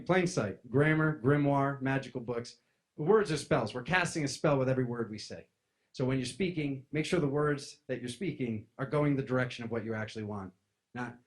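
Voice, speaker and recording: Animated man telling spiritual stories. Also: mid-range voice. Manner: animated, acts out voices in stories, addresses crowd as "you guys". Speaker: spiritual speaker. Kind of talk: casual storytelling talk to an audience.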